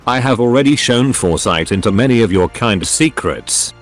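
A man's voice: mid-range voice, expressive, lightly acted. Male text-to-speech voice as a cold robot sorcerer. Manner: formal, measured, menacing. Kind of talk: synthetic storybook narration.

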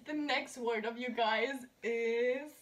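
A woman's voice: a little high, steady tone, slow pace. A young woman hosting a casual vlog, patiently correcting pronunciation and giggling often. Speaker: host teaching German words. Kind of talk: casual chat.

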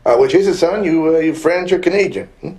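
An actor playing a cocky small-town police captain who talks in a folksy drawl and calls people son. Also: male voice, on the high side, quick pace, mellow, slight background noise, natural voice. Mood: sly.

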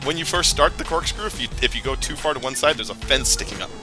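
A man chatting casually over gameplay, excitable, laughing often and narrating his own moves. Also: medium pitch, fast talker, over music.

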